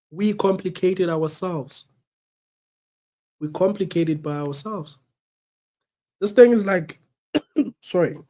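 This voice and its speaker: A South African man with the flu, his voice sitting a little high for a man. He hosts a reflective talk show on the radio, earnest and preachy, and he circles back to the same points again and again. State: has the flu, coughing.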